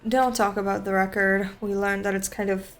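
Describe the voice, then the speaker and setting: A woman streamer reading a visual novel aloud, narrating casually and adding quick off-script asides. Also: medium pitch, little pitch movement.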